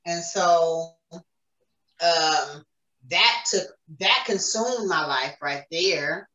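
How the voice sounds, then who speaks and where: A woman's voice: on the low side, extremely slow, bright, forceful tone. A woman giving an earnest, emotional personal faith testimony as a podcast guest. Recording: roomy echo, distant mic.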